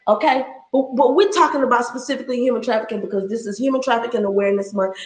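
A woman's voice: fairly high pitch, racing. Passionate woman in her thirties. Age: 30s. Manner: passionate, preacherly, laughs often. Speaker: speaker sharing her story. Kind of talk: faith-based talk. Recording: roomy echo.

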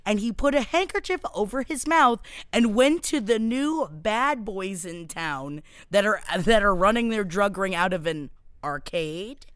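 A woman's voice: medium pitch, animated, unhurried, hardly any pauses, fairly bright tone, clear, resonant tone, no room sound. Blunt woman podcaster, close dry mic. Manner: blunt, swearing, laughing. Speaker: podcast co-host. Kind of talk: casual recap chat.

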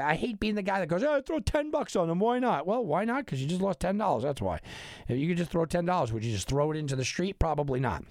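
A man running through his betting picks in an animated, opinionated monologue. His voice sits a little high, and he often stops to argue with himself. The sound is dry and close. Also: creaky, no echo. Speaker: sports betting analyst. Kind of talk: opinionated sports talk monologue.

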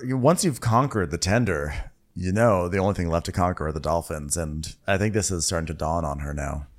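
A man co-hosting a comedic recap chat with a dry, wry manner and frequent laughs. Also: sits low. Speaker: podcast co-host recapping a reality show.

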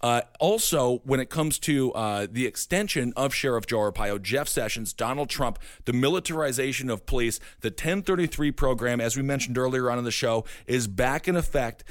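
A man's voice: mid-range voice, normal speed, few pauses, no room sound. A man from Wisconsin hosting a political talk show, making emphatic points and repeating them for effect. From Wisconsin, USA. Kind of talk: political commentary chat.

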